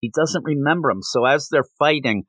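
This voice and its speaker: Man, podcast co-host, casual comic book chat, animated retelling, dry close mic. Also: on the high side, a little fast, no echo, low-quality recording. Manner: animated retelling, acts out quoted lines.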